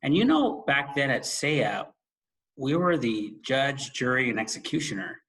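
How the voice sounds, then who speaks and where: A man co-hosts a casual podcast and tells a story from his school days. He talks in a loose, conversational way, with quick asides and laughs at himself. His voice sits in an ordinary middle range. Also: medium pitch, big pitch swings, a bit bright. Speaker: podcast co-host and former school administrator.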